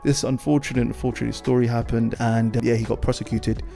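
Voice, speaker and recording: Male channel host, mid-pitch, casual and animated news commentary, faint music bed underneath. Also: fast, vocal fry. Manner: animated, repeats himself, keeps saying "guys".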